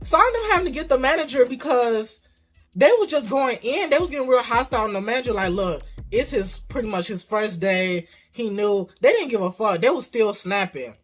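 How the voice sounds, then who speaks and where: A young adult vlogger telling a casual story about their first job, cursing freely and getting animated. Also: medium pitch, fairly quick, soft background music.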